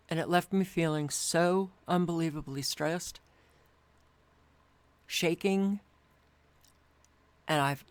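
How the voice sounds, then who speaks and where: A weary woman host talking alone to camera at her home computer, sighing often and speaking with deliberate care. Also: low voice, no echo. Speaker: channel host. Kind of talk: casual monologue to camera.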